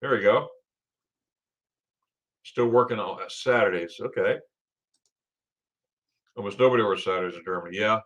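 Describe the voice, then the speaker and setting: A man's voice: lowish voice, moderate pace, long pauses, fairly bright tone. A middle-aged man from Florida hosting a casual livestream, chatting with viewers and reading their comments aloud, laughing often. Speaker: livestream host.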